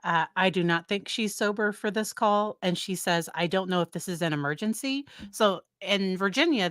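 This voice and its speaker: A woman psychologist hosts a live-stream commentary in a rather low voice. She talks conversationally, trailing off and restarting, and breaks into exasperated exclamations. The sound is close and dry. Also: sharp tone, clean tone, dry recording. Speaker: psychologist host.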